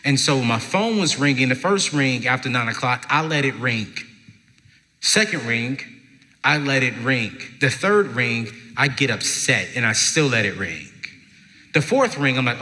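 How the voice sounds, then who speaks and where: A man, a former youth pastor, telling an animated story to an audience and acting out his own reactions, in a large hall with a long reverb. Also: medium pitch, unhurried. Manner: animated, jumps to shouting acted quotes. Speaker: speaker at a parenting event, former youth pastor. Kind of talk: stage storytelling. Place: event stage in a large hall.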